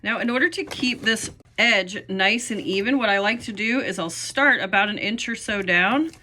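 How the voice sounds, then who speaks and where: A woman's voice: mid-range voice, moderate pace, bright, forceful tone, slight background noise. A woman walking through a sewing tutorial step by step, in a friendly, methodical, casual way. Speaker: sewing instructor.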